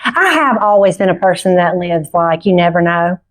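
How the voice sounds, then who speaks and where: A middle-aged woman on a conference stage, giving a personal testimony in a heartfelt, halting storytelling manner. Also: on the low side, expressive. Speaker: conference speaker. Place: conference stage before an audience.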